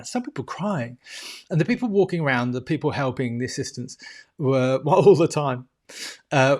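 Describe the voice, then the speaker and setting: A man vlogging a candid, emotional personal story to the camera, laughing often and swearing freely. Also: mid-range voice.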